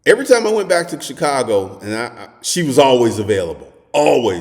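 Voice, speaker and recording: A man gives dating advice in a blunt, profane monologue. His voice swings widely in pitch as he spins stories and sometimes bursts into shouting. The sound carries a long reverberant tail from the room. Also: brisk, few pauses, soft background music. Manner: crude, animated storytelling, swings to shouting.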